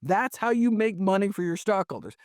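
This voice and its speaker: A man, a physician guest, answering in an animated, emphatic conversational style, often tagging points with "right?". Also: sits high, brisk, no echo, clean studio sound. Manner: animated, emphatic, frequent "right?" and "you know".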